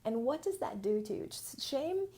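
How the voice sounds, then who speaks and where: A woman's voice: a little high, big pitch swings, moderate pace, dark tone. An American woman, a business mentor, giving a frank, feisty teaching talk in a casual, live style. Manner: frank, feisty, uses slang and swearing.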